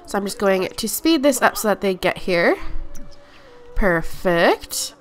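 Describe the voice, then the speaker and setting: A woman's voice: mid-range voice, big pitch swings, slow pace, faint music behind. A young woman giving chatty Let's Play commentary, talking to her game characters, her nose stuffy from allergies. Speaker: gaming YouTuber.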